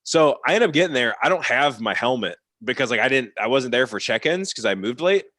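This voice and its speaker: Young male podcast guest, rapid casual storyteller, mid-range voice, dry close sound. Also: medium pitch, expressive, a bit bright, dry recording. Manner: rapid, filler-heavy with frequent "like" and swearing.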